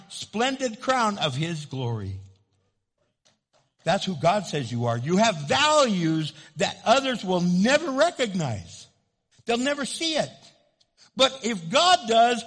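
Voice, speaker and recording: Pastor guy preaching hard, high voice swinging all over, long echo of a big church hall. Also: fairly bright tone, husky. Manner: emphatic preaching with call-and-response. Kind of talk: sermon.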